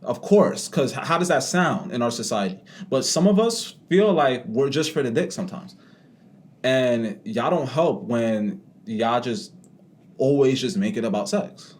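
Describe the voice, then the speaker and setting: A young man co-hosting a podcast in casual chat, blunt and profane, talking with animated emphasis. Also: mid-range voice, measured pace. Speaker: podcast co-host.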